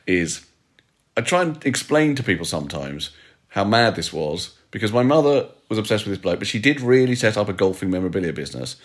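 A man in casual conversation, telling long anecdotes in a lively, animated way. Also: lowish voice, fairly quick. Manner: animated storytelling, quotes people in put-on voices. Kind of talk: casual chat.

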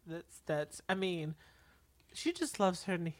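A woman's voice: on the low side, big pitch swings, slow, a little hiss or hum. A woman co-hosting a podcast, chatting casually with playful asides while recapping a show. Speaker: podcast co-host.

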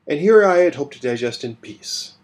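Calm, stubborn swordsman, voiced by a man, measured and unhurried. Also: a little high, voice pushed up, close to an everyday voice. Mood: dry.

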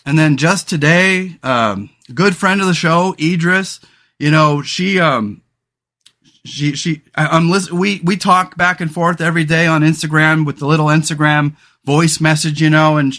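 A man's voice: a little high, sharp tone. A man hosting a solo podcast in casual talk, rambling and frank, with many fillers and restarts. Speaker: podcast host.

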